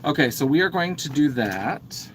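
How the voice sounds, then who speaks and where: A man's voice: fairly high pitch, lively intonation, slight background noise. Chatty man rambling through his makeup. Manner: talks while busy with makeup, pausing and trailing off. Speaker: drag performer getting ready for a show. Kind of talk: casual livestream chat while doing makeup.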